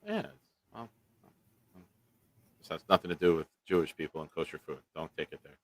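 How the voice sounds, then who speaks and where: A man's voice: rumbling low, very animated, a little fast, fairly bright tone. A young man hosting a casual live-stream sports show, blunt and joking with his viewers. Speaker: show host.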